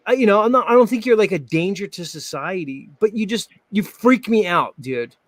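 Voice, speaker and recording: A man's voice: high-pitched, lively intonation, fairly quick, no echo. A man hosting a casual call-in talk show, joking and swearing freely. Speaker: show host.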